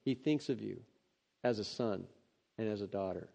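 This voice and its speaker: A man preaching, reading scripture aloud and breaking off into earnest, excitable, conversational asides. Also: on the low side, moderate pace, gravelly. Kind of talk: devotional scripture reading with commentary. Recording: dull lo-fi sound.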